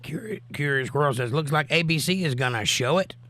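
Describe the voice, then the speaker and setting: A male livestream host, voice still recovering from a cough, chats casually and reads viewer comments aloud. He sounds on the high side, bright and forceful, and speaks a little fast.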